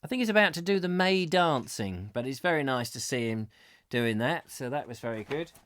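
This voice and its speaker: A man's voice: medium pitch, animated, a little fast, fairly bright tone, no echo. Jokey male chat show host. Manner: jokey, rambling, self-mocking. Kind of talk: comic live chat show.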